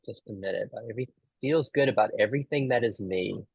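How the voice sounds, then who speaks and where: A man's voice: on the low side, quick pace, creaky, slightly rough, dry recording, muffled recording. A man leading a group workshop, asking musing questions and restarting his sentences often. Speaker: workshop facilitator.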